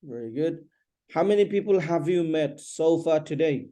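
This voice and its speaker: Patient man teaching English, dark voice. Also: a little high, animated. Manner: patient, repeats questions, explains slowly. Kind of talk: one-on-one English lesson drill.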